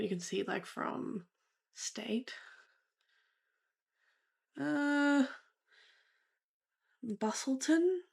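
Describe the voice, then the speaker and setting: A woman's voice: mid-range voice, gravelly. A young woman from Australia, chatting casually and thinking aloud while she plays a map-guessing game. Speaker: game streamer. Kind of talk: casual gameplay commentary.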